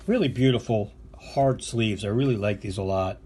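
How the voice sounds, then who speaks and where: An older American man, podcast co-host and vinyl collector, goes through a box of records in a casual unboxing show-and-tell. His voice is lowish and warm, at a moderate pace with hardly any pauses, and he's enthusiastic, full of fillers and asides. There's slight background noise.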